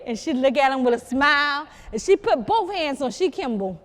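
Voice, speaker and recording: A South Carolina woman with a high-sitting voice tells stories to a live audience in a museum program room, speaking at normal speed with few pauses. She's lively and teasing, talking straight to the crowd, and a long reverb tail follows her voice.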